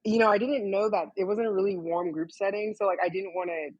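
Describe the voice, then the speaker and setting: Young woman, chatty storyteller, heavy on fillers, slightly husky, dull lo-fi recording. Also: mid-range voice, steady tone, quick pace, no echo. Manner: chatty, many "like" fillers, laughs often, quotes herself. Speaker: guest model. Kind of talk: casual interview storytelling.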